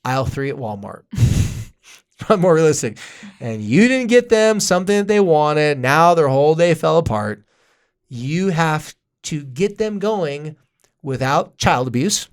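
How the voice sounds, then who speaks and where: A man co-hosting a parenting podcast in casual chat, talking in a lively way and acting out what parents and kids say, with jokey asides. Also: on the high side, measured pace. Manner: animated, acts out parents and kids in quoted voices. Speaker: podcast co-host, parenting therapist.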